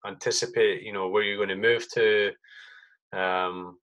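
A man's voice: lowish voice, fairly even intonation, measured pace, a bit bright, low-quality recording. A man from Britain hosting a podcast with an army comrade, talking in a loose, rambling way and swearing freely. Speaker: podcast host. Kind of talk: casual chat.

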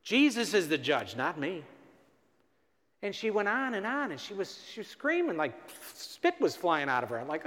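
A man's voice: high-pitched, wildly swooping pitch, normal speed, fairly bright tone. A man, a priest, giving a storytelling sermon at a parish mission and acting out the dialogue with rising emphasis. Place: large church. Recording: long reverb of a church.

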